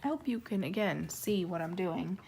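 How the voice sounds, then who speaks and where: Young female coloring host, casual and tangent-prone, slightly hoarse, talking to a camera on a monopod. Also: on the low side, animated, moderate pace, a little mellow, slight background noise. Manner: rambling, chatty, easily sidetracked. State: losing her voice. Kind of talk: casual chat while coloring.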